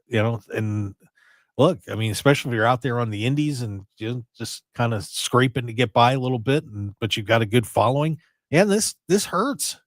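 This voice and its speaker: A man hosting a wrestling radio show in casual chat, animated and prone to repeating words as he starts a sentence. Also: medium pitch, brisk, dry recording, studio quality.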